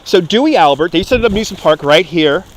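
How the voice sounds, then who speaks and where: At an amusement park, a man livestreams from a phone on a handheld gimbal, his high-pitched, expressive voice racing over a noisy background. He laughs, swears and rambles along, reading viewer chat aloud as he walks.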